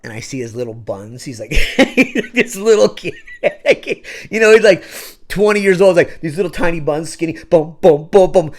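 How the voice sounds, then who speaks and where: A young adult man, a podcast guest, telling stories in casual chat, laughing often and acting out quotes in funny voices. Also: medium pitch.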